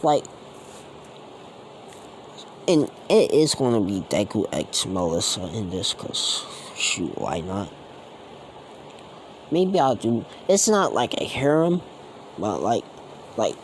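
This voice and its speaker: A man's voice: lowish voice, very animated, slow, pauses often, a little hiss or hum, poor audio. A man telling a fan-made story off the cuff, rambling and slangy, with many fillers and restarts. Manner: slangy and casual.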